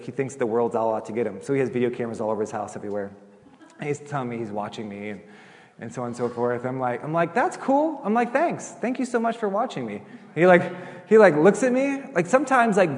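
A middle-aged male pastor telling stories in a chatty, animated sermon, acting out the voices of the people he quotes. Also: mid-range voice. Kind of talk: sermon storytelling. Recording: long hall reverb.

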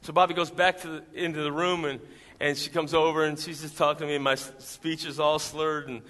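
Male preacher, bright high voice, church hall reverb; loud surges, hushed narration. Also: flat delivery, brisk. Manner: preaching voice that climbs high and loud for emphasis, quiet when storytelling. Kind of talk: sermon testimony.

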